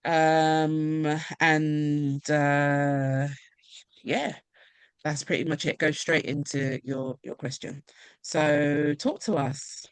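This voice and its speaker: A woman author speaking at her own book launch on a video call, emotional and halting, laughing now and then. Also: low voice, steady tone, clear, resonant tone, no room sound. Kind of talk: casual video call chat.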